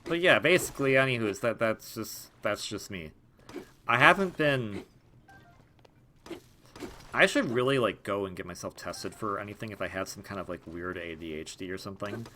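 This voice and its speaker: A man's voice: fairly low pitch, lively intonation, moderate pace, pushed and bright, a little hiss or hum. A young man giving casual let's-play commentary, rambling and self-deprecating, with frequent restarts and laughs. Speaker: gaming video host.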